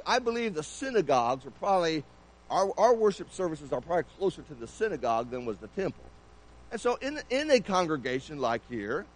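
A man's voice: fairly high pitch, low-quality recording. A man preaching a sermon in a church, keeping it conversational and putting many questions to the congregation.

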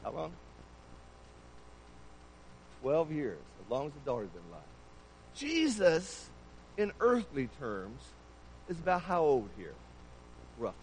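A male preacher delivers a sermon in a church. His voice sits high and swings widely in pitch. He talks with the congregation, firing questions at them as he goes. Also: wildly swooping pitch, slow, pauses often, slight background noise, poor audio. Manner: conversational, asks the congregation many questions.

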